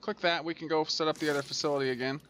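He talks very fast with little pitch movement, his voice on the high side and fairly bright, over a faint hiss or hum. It's casual let's-play commentary from a gaming host on a transport tycoon game, with the game scolded aloud when things break down.

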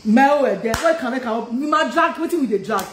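This woman's high voice has lively intonation and a fairly quick pace, with reverb and slight background noise. Speaking with a Nigerian accent, she rants heatedly on a live stream, asking the same questions again and switching languages mid-sentence.

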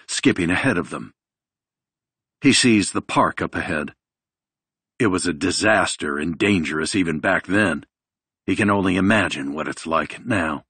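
A man reading a thriller audiobook in a measured, even delivery. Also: sits low, breathy edge, no room sound. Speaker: audiobook narrator. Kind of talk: scripted audiobook narration.

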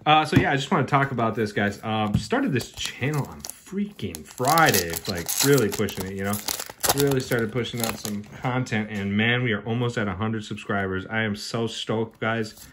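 An excitable man hosts his own pack-opening video, chatting loosely with his viewers, cheering at good pulls and ribbing them. Under his voice sits a faint hiss. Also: lowish voice, moderate pace. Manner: excitable, jokey, talks to viewers as brother and man. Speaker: card-opening channel host. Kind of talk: casual unboxing commentary.

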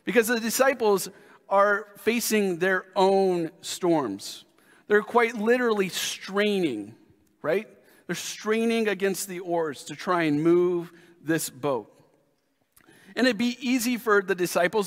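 A pastor with a high, light voice delivers an unhurried sermon, lingering on key phrases. His words ring out with the long reverb of a church sanctuary. He speaks earnestly. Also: animated.

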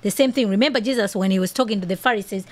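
A woman's voice: medium pitch, rapid-fire. A woman hosting a podcast, giving earnest, opinionated commentary peppered with "you know" and "okay". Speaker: podcast host.

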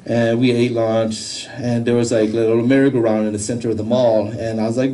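A man giving a personal testimony, telling his story in a halting, emotional way with many restarts. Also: mid-range voice, level tone, dark tone, distant mic, rough recording. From United States. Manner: halting, repeats words, emotional.

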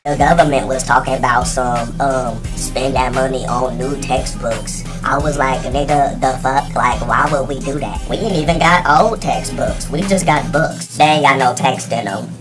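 A man's voice: mid-range voice, moderate pace, few pauses, music in the background, lightly acted. A man voicing a brash, foul-mouthed adult woman in a comedy sketch, talking with sass. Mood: indignant. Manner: sassy, brash.

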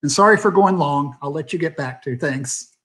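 A man's voice: on the high side, moderate pace, pushed and bright, slightly rough. A man, a theater sound designer, talking candidly and rambling with many fillers on a video call. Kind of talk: panel talk on a video call.

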